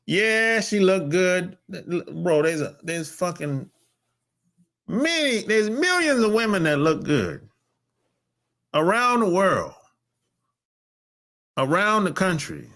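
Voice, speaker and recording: A man holds forth on his podcast in a casual monologue. He talks bluntly and emphatically, with a lot of swearing. His voice sits a little high and swings widely in pitch. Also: a bit bright. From North America. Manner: blunt, profane and emphatic, with sudden pitch jumps. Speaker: podcast host.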